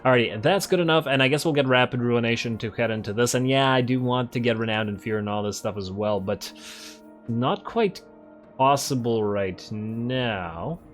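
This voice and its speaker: A man hosting a let's play, casually commenting on a strategy game while thinking aloud, correcting himself and getting excited. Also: medium pitch, faint music behind. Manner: excitable, quick to laugh.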